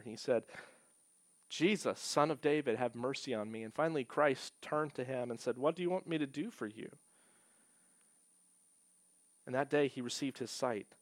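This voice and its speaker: A man preaching a sermon as pastor. He talks earnestly, slows down to stress key points and rises when he quotes scripture. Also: medium pitch, fairly bright tone, no room sound.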